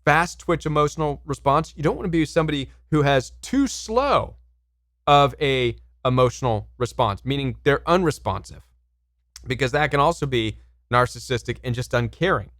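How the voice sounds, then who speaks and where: A man's voice: medium pitch, expressive, moderate pace, a bit bright, no room sound, studio quality. A man coaching viewers on relationships, talking straight to camera in an emphatic, repetitive way and asking them questions. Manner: emphatic, repeats words, asks viewers questions. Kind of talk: direct-to-camera advice talk.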